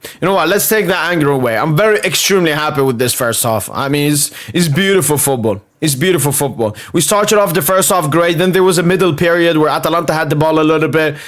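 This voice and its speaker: A young man hosting a live football watchalong, reacting loudly and swearing at the match. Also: on the high side, fast talker. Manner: excitable, swears and shouts at the screen.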